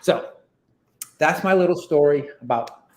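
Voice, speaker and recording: A man with a fairly high voice tells a story a little slowly as a podcast guest, in an echoey room. He rambles casually and packs his speech with fillers like "like" and "you know."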